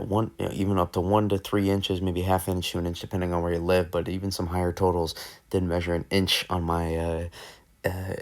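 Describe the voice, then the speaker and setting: A low-voiced man with a gravelly edge walks through a weather outlook in an easygoing, off-the-cuff way. He rambles, corrects himself mid-sentence and jokes about his own stumbles. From eastern United States. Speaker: weather channel host. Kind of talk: casual weather forecast breakdown.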